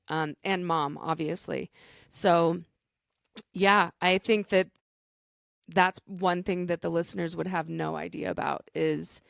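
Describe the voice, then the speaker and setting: A woman's voice: on the low side, creaky, smooth, dry recording, studio quality. Earnest rambling woman podcast co-host. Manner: earnest, rambling with many fillers. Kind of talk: casual chat.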